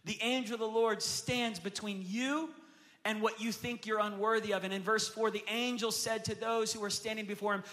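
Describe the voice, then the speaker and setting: Pastor, male, 30s, high voice, impassioned sermon delivery with long church-hall reverb. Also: fairly even intonation, moderate pace. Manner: preaching that swells to loud, impassioned peaks; acts out quoted voices of his kids in storytelling. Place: church sanctuary with a congregation.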